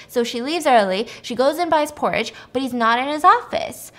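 Podcast host, young woman, fairly high, chatty movie recap. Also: moderate pace, few pauses. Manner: chatty, animated, lots of fillers. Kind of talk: casual movie recap storytelling.

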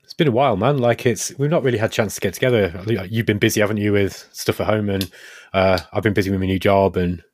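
A man's voice: fairly low pitch, quick pace, a little mellow, dry recording, clean studio sound. A man, a podcast guest, chatting casually. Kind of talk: relaxed podcast chat.

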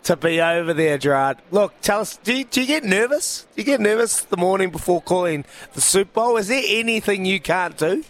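A man's voice: high voice, expressive, a little fast, hardly any pauses, fairly bright tone. A man hosting a sports show, asking easygoing questions in casual chat. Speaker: radio show host.

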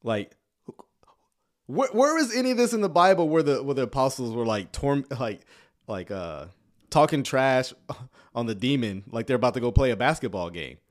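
A man commenting on a church video in a relaxed, joking way, his pitch jumping all over as he reacts. His talk is casual and full of slang, and he sounds close to the mic. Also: normal speed. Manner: laid-back, joking, Southern US slang like "y'all".

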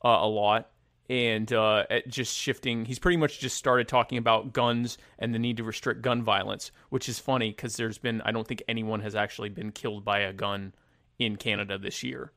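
A man in casual political chat, rambling and sarcastic, with many halting restarts. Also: fairly low pitch, steady tone, fairly bright tone, dry recording, clean studio sound.

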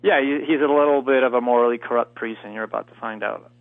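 A native French-speaking man from the Montreal area of Canada talks fast in a steady, medium-pitched tone. He's a guest actor in a casual interview, full of fillers and false starts, recorded dry over a tinny phone line.

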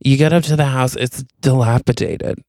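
A man's voice: medium pitch, fairly even intonation, moderate pace, gravelly, darkish tone, dry recording. A man co-hosting a podcast, playfully improvising a comic story. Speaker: podcast co-host. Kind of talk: improvised comedy chat.

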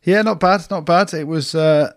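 A man's voice: on the high side, moderate pace, no echo. Co-host, man, teasing banter, laughs a lot, dry close mic. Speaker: podcast co-host. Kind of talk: casual banter.

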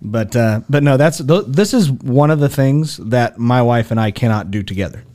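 A man's voice: mid-range voice, expressive, moderate pace, dark tone. A married man in casual chat, talking hesitantly with many restarts.

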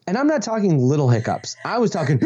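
Relaxed male guest telling stories. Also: a little high, fast, breathy edge. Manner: relaxed storyteller with frequent ums and restarts. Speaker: guest, webinar presenter. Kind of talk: conversational storytelling interview. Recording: slightly dull lo-fi audio.

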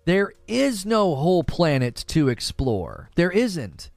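Sarcastic, animated male streamer. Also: fairly high pitch, slow, creaky, dry recording, faint music behind. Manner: sarcastic, incredulous; animated, emphatic. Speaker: gaming streamer. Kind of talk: live commentary reading chat.

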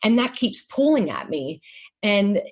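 A middle-aged woman candidly sharing her personal story in an emotional conversation, halting and restarting often. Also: mid-range voice, big pitch swings.

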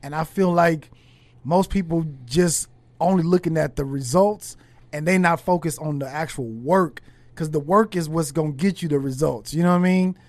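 A male podcast host with a high voice, recorded dry and close with no room sound. He talks in a relaxed, thoughtful way, stopping and restarting as he works out his point. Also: no echo. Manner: reflective, halting, with many restarts. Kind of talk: casual conversation.

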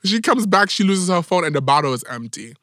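A young man co-hosts a podcast and retells a wild trip with animated, dramatic flair and plenty of cursing. His voice sits a bit high and has a forceful, bright edge. The sound is dry and close. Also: a little fast, no echo. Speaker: podcast co-host. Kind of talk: casual storytelling chat.

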